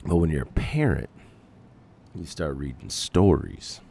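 A man with an extremely deep, gravelly voice hosting his podcast. His talk rambles casually, with lightly sworn asides. His pitch still swings about in an animated way. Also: a little slow. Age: adult parent. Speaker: podcast host. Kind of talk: casual chat.

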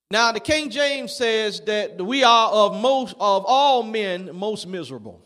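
A man preaching a sermon, calling on the congregation to answer and building up to shouts. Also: high voice, normal speed. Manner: call-and-response preaching, rising to shouts.

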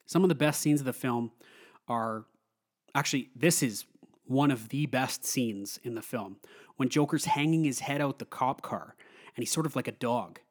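A man giving a casual, excited film review, rambling with lots of fillers. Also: mid-range voice, normal speed.

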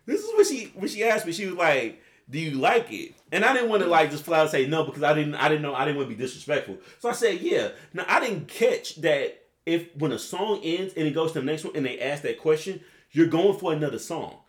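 A young man hosting a podcast, telling a rambling story full of swearing. His pitch sits a little high and swings widely as he talks. The room around him gives his voice an echoey ring. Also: brisk. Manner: rambling, profane, animated storyteller. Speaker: podcast host. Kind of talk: casual storytelling chat. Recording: roomy echo.

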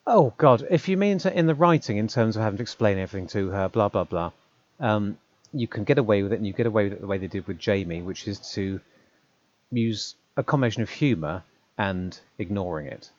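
A man's voice: on the low side, expressive, brisk, darkish tone, no echo, dull audio. A man co-hosting a casual chat, musing aloud and stopping to correct himself. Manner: musing, self-interrupting, laughs often. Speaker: podcast co-host.

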